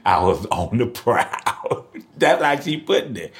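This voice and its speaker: A middle-aged man from Oakland, California, chatting casually as a podcast guest, boastful and quick to laugh. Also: medium pitch, very animated. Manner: boastful, laughing, colloquial street talk. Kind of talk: casual chat.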